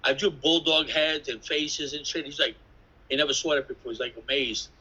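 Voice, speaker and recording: Husky, bright-voiced New man telling stories. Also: a little high, moderate pace, low-quality recording. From New York City. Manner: rambling, animated, acts out voices, swears. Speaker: interviewee, graffiti artist. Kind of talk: casual storytelling interview.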